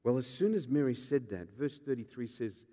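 A man, a pastor preaching a sermon with animated, joking storytelling and acted-out voices. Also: mid-range voice, normal speed, long reverb tail.

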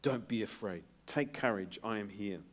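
Middle aged guy preaching a sermon, earnest n emphatic, goes soft and hushed for the comforting bits. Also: fairly low pitch, moderate pace. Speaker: pastor.

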